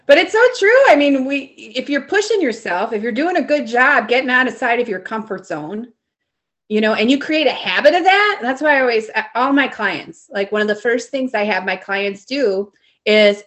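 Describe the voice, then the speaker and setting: A woman with a high, bright-sounding voice speaks as a coach in casual conversation. She is upbeat and motivational, with an encouraging tone. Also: expressive, normal speed. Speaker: coach and host. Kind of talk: casual chat.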